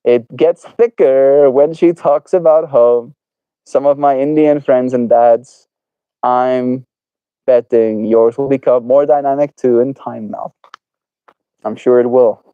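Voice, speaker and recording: Slow, musing South African man. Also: mid-range voice, fairly even intonation, clear, resonant tone, dry recording, narrow, tinny audio. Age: 20s. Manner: slow, drawn-out and musing, laughs easily. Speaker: daily livestreamer. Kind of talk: reflective stream chat with viewers.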